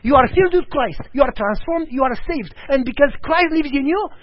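Guy preaching, high husky voice, acts out the dialogue, kinda muffled lo-fi audio. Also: fairly quick. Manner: animated storytelling, acting out dialogue. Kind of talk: sermon. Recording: dull lo-fi audio.

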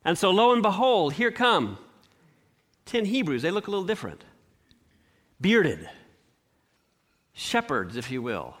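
A man preaching a sermon, telling a scripture story with expressive shifts and rhetorical questions. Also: sits high, unhurried, pauses often. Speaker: pastor.

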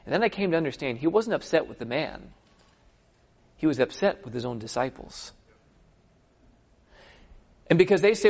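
A man preaching with a lively, swinging delivery that rises and falls as he retells scripture scenes. His voice sits a bit higher than most men's, and he keeps checking that his listeners follow. The recording is dull and lo-fi. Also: moderate pace, pauses often. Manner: animated storytelling, acts out scripture scenes; asks the audience for agreement. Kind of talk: sermon.

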